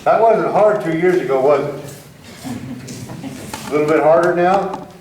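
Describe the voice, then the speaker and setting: A man's voice: on the high side, unhurried, a little mellow. A middle-aged American man giving a folksy, self-deprecating talk to an audience as a rancher. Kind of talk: public presentation to an audience. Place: meeting hall with an audience. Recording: roomy, distant hall recording with faint noise.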